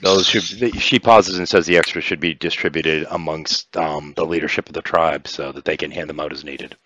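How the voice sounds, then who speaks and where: A deep-voiced man runs a tabletop game, narrating in a relaxed, rambling way with fillers. The sound is dull, dry and lo-fi. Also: brisk, no echo. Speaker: game master.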